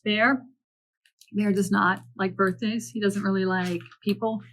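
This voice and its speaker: A woman librarian reading picture books aloud to children, gentle and animated, with chatty asides to the listener. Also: mid-range voice, unhurried. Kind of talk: picture-book read-aloud.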